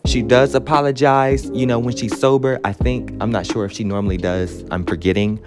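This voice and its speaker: A man's voice: mid-range voice, steady tone, a little fast. A man hosting a casual recap podcast, talking brashly with plenty of swearing and chatty asides. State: out of breath. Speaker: podcast host recapping a reality show. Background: music playing underneath.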